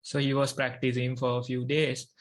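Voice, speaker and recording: A Buddhist monk with a Sri Lankan accent, a native Sinhala speaker, gives a meditation talk. His medium-pitched voice is completely flat, delivered in slow, measured phrases with long pauses.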